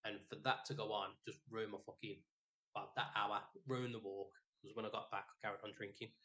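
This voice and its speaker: A man's voice: on the low side, a little fast. Sweary man telling a story. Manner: rambling, sweary, animated retelling. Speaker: podcast co-host. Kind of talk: casual storytelling chat.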